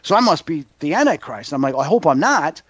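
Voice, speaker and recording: Animated middle-aged man telling stories. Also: a little high, a little fast, dry recording. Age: 50s. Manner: animated, acts out quoted voices. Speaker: psychic medium guest. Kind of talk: casual storytelling interview. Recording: dull muffled audio.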